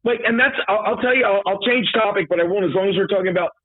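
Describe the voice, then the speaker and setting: Profane, husky-voiced man ranting over the phone. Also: high voice, rapid-fire, dry recording. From New York. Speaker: guest. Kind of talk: casual talk show banter. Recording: tinny phone line.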